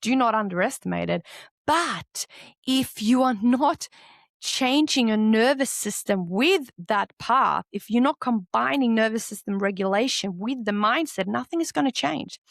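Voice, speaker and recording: A woman's voice: fairly high pitch, expressive, unhurried, gravelly, no echo, studio quality. A woman hosting a solo motivational podcast, talking candidly and animatedly and swearing freely. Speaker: podcast host.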